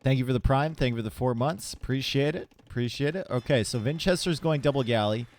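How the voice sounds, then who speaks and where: A man commentating a live strategy game tournament in a laid-back, chatty way. His voice sits at an ordinary middle pitch, and he drifts between play analysis and talk with his viewers. He is recorded on a desk microphone in a home streaming setup. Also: quick pace, a little mellow. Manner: casual, chatty, talks to chat between plays. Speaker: tournament caster.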